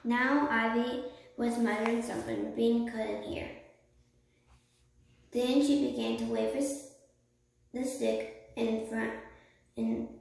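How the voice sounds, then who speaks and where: A woman reading a children's book aloud, slowly, with slips and restarts. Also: fairly high pitch, little pitch movement, vocal fry. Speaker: reader. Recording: echoey room, far from mic, faint noise.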